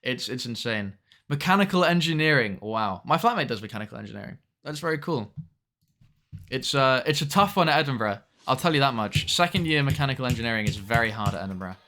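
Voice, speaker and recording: A young adult man streams a game and chats casually with his viewers, reading their messages and occasionally swearing at the game. His voice sits at medium pitch and sounds animated, pushed and bright, and he talks at a quick pace.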